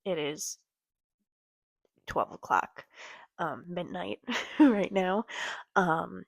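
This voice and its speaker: A young woman talking casually to her camera late at night, halting with many ums and sighs. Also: fairly low pitch, expressive, creaky, no room sound. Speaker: vlogger. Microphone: computer or phone camera.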